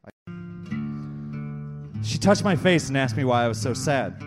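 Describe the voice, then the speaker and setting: A man performing a rhythmic spoken-word slam poem live on a stage mic, repeating lines and building to shouts. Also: mid-range voice, expressive, a little fast, over music. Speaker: slam poet.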